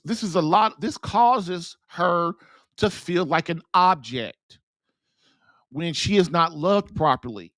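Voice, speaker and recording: A podcast host and marriage coach with a high-pitched, fairly bright voice gives an earnest, preachy monologue to husbands in his call-in audience. He often repeats and restarts himself, building to emphatic urging. The recording is dry.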